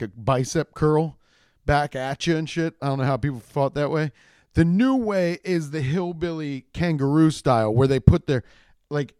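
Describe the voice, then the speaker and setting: A young man telling a rambling, profane comedic story, acting out the people in it with shouted quotes. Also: a little high, clean tone, dry recording, studio quality.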